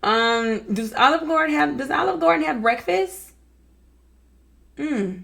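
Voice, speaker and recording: A woman's voice: high-pitched, expressive, a little slow, gravelly, fairly bright tone. A young woman giving casual reaction commentary, reading text messages aloud and adding sassy asides, often calling people baby and honey. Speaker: true-crime reaction vlogger.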